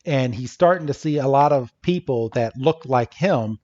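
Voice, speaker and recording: A man's voice: medium pitch, moderate pace, darkish tone. A man co-hosting a podcast, recapping a scene casually, chatty with frequent laughter and casual swearing. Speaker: podcast co-host. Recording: dull lo-fi podcast audio.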